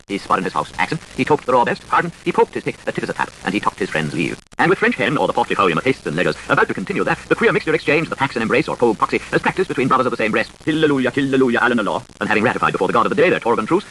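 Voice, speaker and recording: A man reading dense literary prose aloud at a breakneck clip, his voice rising and falling in a lively, sing-song way. His pitch sits in an ordinary middle register for a man. A faint hiss sits under the voice. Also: rough recording. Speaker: reader.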